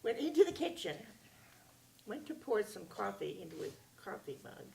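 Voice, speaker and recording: Woman storyteller, gravelly voice, expressive, distant mic with faint noise. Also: mid-range voice, moderate pace. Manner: expressive, with sound effects and acted voices. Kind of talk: animated oral storytelling to a child.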